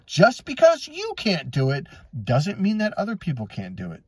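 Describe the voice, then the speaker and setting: A man with a slightly high, husky voice gives a casual motivational talk as a coach. His pitch swings widely as he tells stories and acts out both sides of conversations, with frequent swearing. He is recorded close and dry, with no room sound. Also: huge pitch swings, normal speed, dry recording. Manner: blunt and profane, tells stories with acted-out dialogue. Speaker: life and relationship coach.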